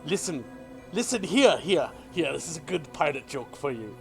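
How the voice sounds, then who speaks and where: A man's voice: fairly high pitch, sing-song, soft background music. A man voicing a jovial male pirate with a put-on pirate accent who loves telling bad jokes. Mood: hearty. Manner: hearty, drawn-out pirate slang.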